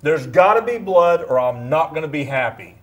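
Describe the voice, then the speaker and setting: A man's voice: a little high, animated, normal speed, close to an everyday voice. A man in his fifties acting out an angry male God in a spoken retelling.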